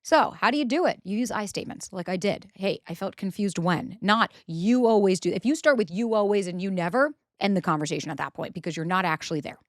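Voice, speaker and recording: A woman podcast host talks fast and bluntly, swearing freely and slipping into quoted back-and-forth dialogue. Her voice sits at a middle pitch and is recorded dry and close, with no room sound. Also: lively intonation, dry recording. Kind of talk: casual advice monologue.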